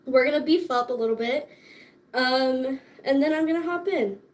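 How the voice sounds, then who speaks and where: A woman's voice: high voice, normal speed. A young woman hosting a casual livestream, chatting in a bubbly, profane way and laughing often, tired and sore after dance class. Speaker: livestream host.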